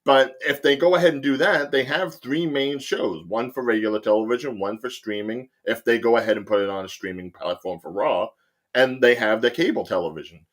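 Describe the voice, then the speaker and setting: A man's voice: medium pitch, fairly quick. A man hosting a casual podcast chat, rambling through his points with many fillers. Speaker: host.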